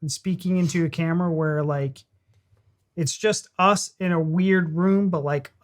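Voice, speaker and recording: A woman's voice: lowish voice, fairly even intonation, unhurried. An American woman hosting a reaction video, joking around bluntly and swearing casually. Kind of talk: casual chat.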